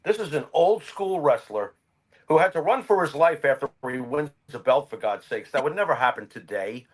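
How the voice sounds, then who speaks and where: An older man co-hosting a casual podcast. His fairly high voice swings widely in pitch as he makes emphatic, opinionated points. He leans on his words for emphasis. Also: animated, normal speed, low-quality recording. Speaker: podcast co-host.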